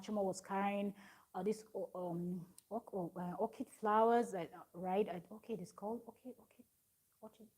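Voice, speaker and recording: A woman's voice: mid-range voice, warm tone. A woman recapping a reality show in a rambling, chatty way, with lots of fillers and restarts. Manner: rambling, many fillers and restarts, reads viewer comments. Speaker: recap vlogger.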